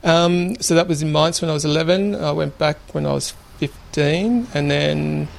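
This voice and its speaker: A man in his fifties with an Australian accent, telling family stories in a relaxed, rambling way with many fillers. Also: on the high side, normal speed, vocal fry, a little hiss or hum. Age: 50s. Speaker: interviewee. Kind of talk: relaxed storytelling.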